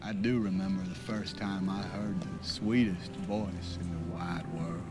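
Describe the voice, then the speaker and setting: An actor playing a gentle, simple-hearted man, narrating his childhood in a slow, plain-spoken drawl. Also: sits low, flat delivery, over loud music. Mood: wistful. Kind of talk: film voice-over narration. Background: film score.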